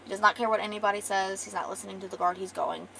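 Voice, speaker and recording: A woman's voice: mid-range voice, fairly even intonation, very fast, vocal fry, bright, forceful tone, a little hiss or hum, low-quality recording. A young woman streamer casually retelling her comic's story, rambling with profane joking asides. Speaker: artist and streamer.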